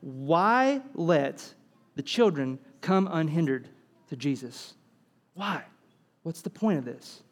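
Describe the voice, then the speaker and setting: A man's voice: a little high, takes it slowly. A man preaching a sermon, acting out dialogue and asking rhetorical questions. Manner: animated, acts out quoted dialogue, asks rhetorical questions.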